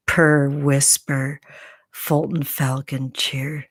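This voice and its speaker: A woman hosting a casual live stream, chatting playfully with viewers and slipping into soft whispers and remembered cheers. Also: extremely low pitch, little pitch movement, slow pace, no echo, studio quality. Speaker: tarot content creator, live stream host.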